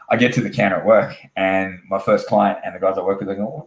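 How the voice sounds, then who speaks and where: Australian man, lowish voice, rambling casual storytelling, echoey room. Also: steady tone, fast talker, hardly any pauses. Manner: rambling anecdotal storytelling with swearing and acted-out dialogue. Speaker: guest, professional wrestler.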